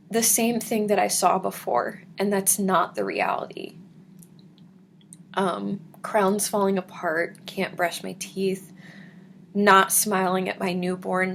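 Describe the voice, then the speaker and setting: Slow, gravelly-voiced woman vlogger. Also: mid-range voice, a little hiss or hum. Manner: earnest, emotional, soft-spoken. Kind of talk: casual storytelling to camera.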